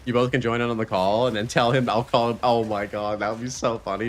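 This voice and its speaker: A man's voice: medium pitch, level tone, quick pace, a little hiss or hum. Chatty man streaming a game. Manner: loose, chatty, swears freely, thinks aloud between game actions. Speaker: streamer and podcast host. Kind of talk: casual live-stream chat while gaming.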